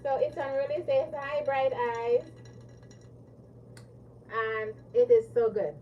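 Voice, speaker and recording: High-voiced woman chatting slowly on a livestream. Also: dull audio, a little hiss or hum. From Caribbean. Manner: giggly and apologetic, thanking viewers over and over. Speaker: livestream host. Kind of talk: casual livestream chat. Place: home living room.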